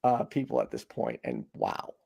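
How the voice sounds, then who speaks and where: A woman co-host with a strikingly deep, gravelly voice talks haltingly, stumbling and restarting her words. Her pitch swings lively. The sound is close and dry. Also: no room sound. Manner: halting, hesitant, fillers and restarts. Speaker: co-host of a call-in dating show. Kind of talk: casual chat.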